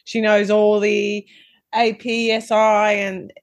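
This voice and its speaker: A woman's voice: mid-range voice, little pitch movement, slow pace, no room sound. A woman co-hosting a podcast, teasing her friend in a chatty, storytelling way. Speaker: podcast co-host. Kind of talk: casual chat.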